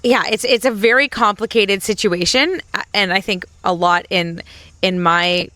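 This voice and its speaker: A woman's voice: medium pitch, fairly even intonation, moderate pace, sharp tone, dry recording. A middle-aged woman co-hosting a podcast, talking candidly and casually with plenty of fillers. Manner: candid, conversational, many fillers. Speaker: podcast co-host. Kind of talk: casual chat.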